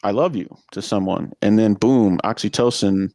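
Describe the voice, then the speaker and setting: A man's voice: lowish voice, moderate pace, vocal fry, warm tone, no room sound, studio quality. A man talking through ideas on a podcast in a musing, thoughtful way, with frequent fillers. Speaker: podcast co-host. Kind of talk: casual discussion.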